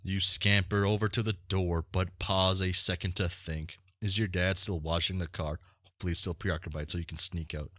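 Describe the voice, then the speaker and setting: Deep-voiced man reading along casually. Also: steady tone, normal speed, bright, forceful tone, no room sound, clean studio sound. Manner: rambling, self-mocking, stumbles over names. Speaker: streamer reading a webcomic aloud. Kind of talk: casual read-along with commentary.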